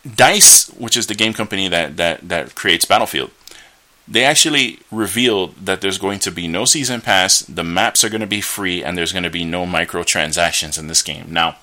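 Low-voiced opinionated man hosting a podcast. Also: moderate pace, bright, forceful tone. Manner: opinionated, rambling, with frequent fillers and restarts; scornful rants. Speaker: podcast host. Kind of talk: solo podcast commentary.

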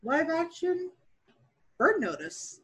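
A woman's voice: extremely high pitch, big pitch swings, slow pace, a bit bright, low-quality recording. A woman guest on a podcast, a dungeon master, chatting candidly and laughing at herself. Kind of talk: casual interview chat.

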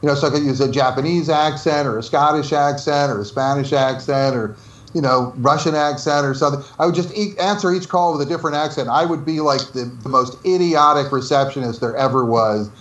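A man's voice: a little high, a little fast, a bit bright, reverberant, lo-fi sound. A man from New Jersey telling stories as an interview guest, laughing often and acting out the dialogue he quotes. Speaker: interview guest, former game developer. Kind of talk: casual storytelling interview.

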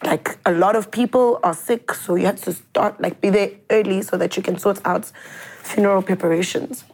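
A woman telling a personal story in an interview, in an earnest, halting way. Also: mid-range voice, fairly even intonation, darkish tone. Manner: earnest, halting, mixes English and isiZulu phrases.

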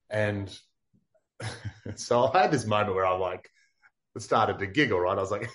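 An Australian man from far north Queensland tells a story as an interview guest. His voice sits a little low and he talks casually, dropping "like" often. He animates his story by playing the other people in it. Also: a little slow, long pauses. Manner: animated, acts out quotes, many "like" fillers.

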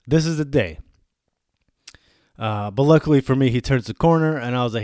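A man in his thirties hosting a podcast, telling a story as a casual rant, animated and swearing, acting out little quoted asides. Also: medium pitch, moderate pace, long pauses, no room sound, studio quality. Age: 30s. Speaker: podcast host.

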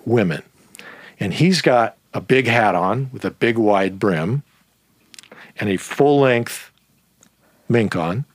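A man telling a long story in a casual, animated way, swearing often and breaking off into asides. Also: on the low side, dry recording, studio quality. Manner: animated, profane, digressive.

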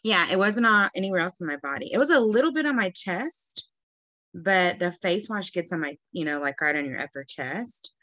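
Chatty Texas woman with a low voice. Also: lively intonation, moderate pace, sharp tone, no echo. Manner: chatty, rambling storyteller who clears her throat often. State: throat irritated from allergies. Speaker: podcast co-host. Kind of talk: casual chat.

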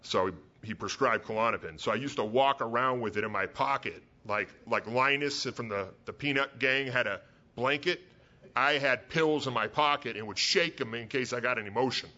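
A man's voice: medium pitch, normal speed, bright, forceful tone. A middle-aged man from Southern California telling his recovery story at a men's retreat, candid and self-mocking. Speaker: recovery speaker. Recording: dull lo-fi recording.

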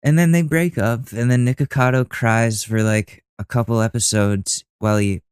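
A man's voice: mid-range voice, steady tone, moderate pace, clear, resonant tone, dry recording, studio quality. A young man hosting a podcast, reacting to a video with mocking, profane, rambling commentary. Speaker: podcast host.

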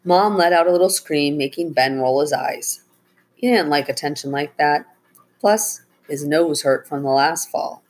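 A woman reading a children's chapter book aloud in a steady storytelling manner. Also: sits low, a little slow. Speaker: narrator.

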